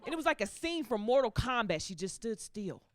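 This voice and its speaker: Female stand-up comic, very lively pitch, storyteller who does all the voices. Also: fairly quick, crowd noise. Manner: animated storytelling, acts out voices of people in the story. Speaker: stand-up comedian. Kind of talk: stand-up comedy set.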